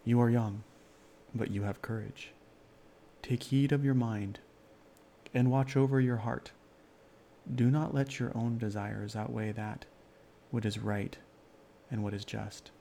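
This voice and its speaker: A man voicing a wise, solemn male lion who speaks in slow, grave, measured sentences. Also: fairly low pitch, steady tone, creaky, warm tone, slight background noise.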